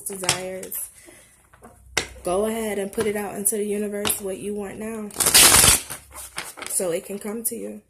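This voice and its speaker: Slow-talking woman giving a tarot reading. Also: medium pitch, very noisy. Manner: encouraging, affirming, repeats phrases. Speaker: tarot reader.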